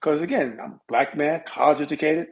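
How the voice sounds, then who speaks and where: A middle-aged man, a music industry guest, telling stories in a casual interview with lively asides. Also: fairly high pitch, brisk. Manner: animated storyteller with lively asides. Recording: dull lo-fi audio.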